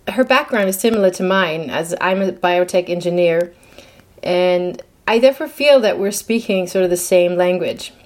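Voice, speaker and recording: A woman talking casually to camera about health, chatty and hesitant, with many fillers and restarts. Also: fairly low pitch. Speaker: health vlogger. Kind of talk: casual explanatory talk to camera.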